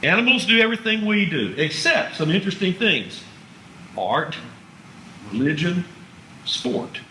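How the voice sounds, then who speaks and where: A man's voice: high-pitched, very animated, a little slow, sharp tone, a little hiss or hum. A man giving a public lecture to an audience, chatty and wry, with asides thrown to the listeners. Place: museum lecture room. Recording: roomy hall sound.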